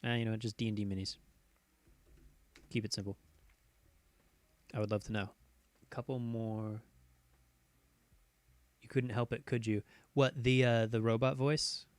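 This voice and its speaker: A man's voice: on the low side, flat delivery, unhurried, long pauses, dry recording. Easygoing man chatting on a dry live stream. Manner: easygoing, rambling, reads viewers' posts aloud with many fillers and restarts. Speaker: streamer host. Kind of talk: casual live-stream chat.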